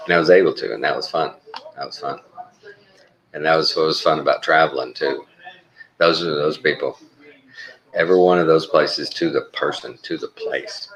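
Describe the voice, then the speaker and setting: Deep-voiced man telling stories. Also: steady tone, moderate pace, long pauses, a bit bright, rough recording. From Texas. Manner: rambling, laid-back, swears casually, acts out quoted voices. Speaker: traveling surgical tech. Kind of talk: casual storytelling chat.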